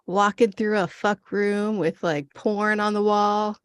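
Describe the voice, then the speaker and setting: A woman co-hosting a casual show recap, tossing in wry deadpan quips and laughing. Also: mid-range voice, takes it slowly, clear, resonant tone, no echo. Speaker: podcast co-host.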